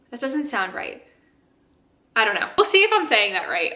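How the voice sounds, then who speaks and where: A young woman talks in a casual reading vlog, chatty and enthusiastic, her words full of fillers as she rambles on. She is a little out of breath the whole time. Her voice is bright and crisp, and the room around her sounds echoey. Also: on the high side, very animated, normal speed. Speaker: book vlogger. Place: home.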